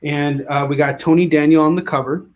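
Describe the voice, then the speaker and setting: A man hosting a live comic book sales show, pitching books with joking, rambling asides. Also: fairly even intonation, brisk, muffled recording, slight background noise. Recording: echoey room.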